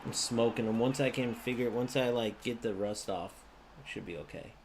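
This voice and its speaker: A man talking over a football video game as he plays, ranting at his viewers. His voice sits at an ordinary middle pitch, and he argues in a fired-up, conversational way, turning to the audience again and again to press his point. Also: fairly quick, slight background noise. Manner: ranting, argumentative, addresses viewers directly. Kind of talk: live gameplay commentary.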